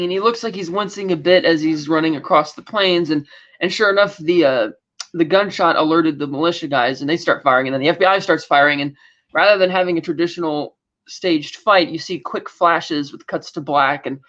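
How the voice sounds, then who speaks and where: This woman co-hosts a podcast, casually summarizing a TV episode and playing out lines from its scenes. Her voice is on the low side and fairly bright, moving at a moderate pace, and the recording sounds dull and lo-fi.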